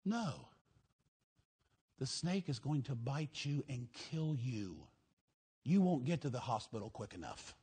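A male preacher, delivering a fiery sermon in rhythmic, rhyming bursts and shouting on key lines. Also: mid-range voice, expressive, unhurried, husky.

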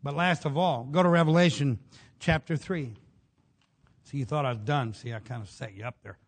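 A middle-aged man preaching a sermon in a folksy way, shouting some lines and dropping low on others. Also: normal speed.

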